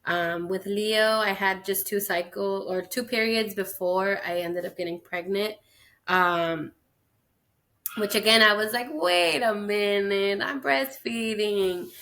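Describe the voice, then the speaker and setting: A woman's voice: medium pitch, fairly even intonation, measured pace, sharp tone. A woman in her thirties co-hosting a podcast, chatting candidly and telling personal stories. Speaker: podcast co-host. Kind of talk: casual chat.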